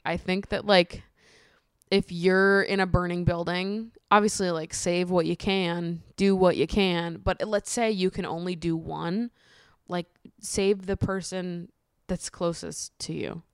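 A woman hosting a solo podcast, chatting casually with lots of swearing, laughter and animated ranting. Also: fairly low pitch, measured pace, clear, resonant tone, no echo, studio quality. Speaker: podcast host.

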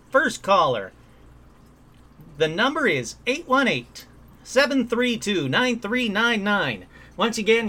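A man's voice: sits high, pushed and bright. A man hosting a live paranormal call-in show from a room at home. He chats casually and upbeat, with plenty of ums and uhs. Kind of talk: casual live-stream chat.

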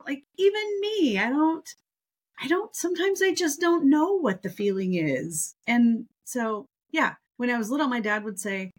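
Husky, lively woman chatting. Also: sits high, a little slow. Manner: expressive, laughs often, quotes people in animated voices. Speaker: podcast co-host. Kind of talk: casual chat.

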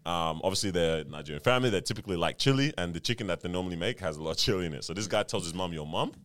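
A man's voice: low voice, rapid-fire. A man, co-hosting a podcast, telling stories in casual chat and laughing often. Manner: animated storyteller, laughs often, says "bro". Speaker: podcast co-host.

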